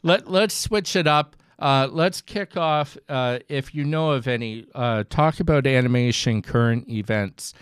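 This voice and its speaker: Podcast host guy, slow and thoughtful, smooth lowish voice, dry sound. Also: no echo. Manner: halting, thoughtful, restarts often. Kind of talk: casual podcast conversation.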